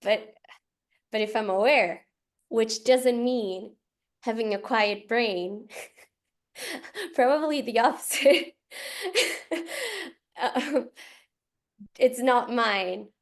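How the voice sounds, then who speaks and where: A woman shares in a class, speaking slowly and hesitantly as she looks for the right words. Her voice sits a little high. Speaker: class participant. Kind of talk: sharing in a class.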